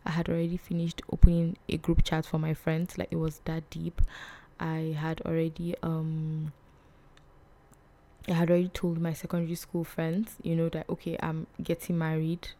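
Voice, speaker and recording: A young woman, telling a personal story on her vlog in a soft, hesitant way that often drops to a whisper. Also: deep voice, monotone, moderate pace. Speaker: vlog host.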